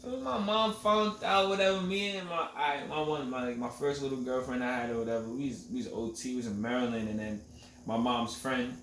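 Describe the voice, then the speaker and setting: A man's voice: medium pitch, steady tone, fairly quick, a bit bright. A man in his twenties hosting a podcast, telling stories casually in street slang and often asking if you feel him. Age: 20s. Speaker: podcast host. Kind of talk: casual storytelling chat. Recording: roomy echo, distant mic, faint noise.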